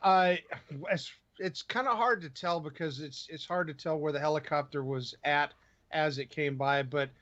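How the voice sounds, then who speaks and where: A man's voice: fairly high pitch, moderate pace, fairly bright tone, lo-fi sound. Man reading news with many ums. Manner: reads news items with many ums and uhs. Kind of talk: casual livestream chat, reading tech news.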